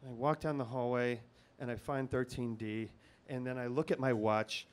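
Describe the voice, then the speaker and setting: A man's voice: mid-range voice, fairly even intonation, normal speed, clear, resonant tone. A man telling a rambling comic story on stage at a live show, nervous and full of restarts and fillers. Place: live comedy venue.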